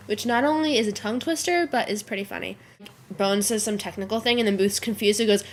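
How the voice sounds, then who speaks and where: A woman's voice: medium pitch, fast talker, slight background noise. A teenage girl who is sick and congested, rambling to her webcam in her bedroom, chatty and easily sidetracked. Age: teens. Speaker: vlogger. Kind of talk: casual chat to camera.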